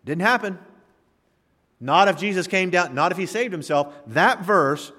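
A man's voice: high voice, animated, pushed and bright. Man preaching in an echoing church. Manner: preaching with rising emphasis and dramatic pauses. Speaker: pastor. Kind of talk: sermon.

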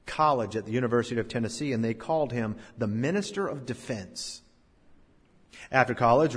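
A middle-aged pastor preaches with a mid-range man's voice, surging loud on key words and then falling almost to a murmur. His words ring out in a church sanctuary with a long reverb tail. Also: medium pitch, husky. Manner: dramatic swings between loud emphasis and hushed drops. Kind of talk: sermon.

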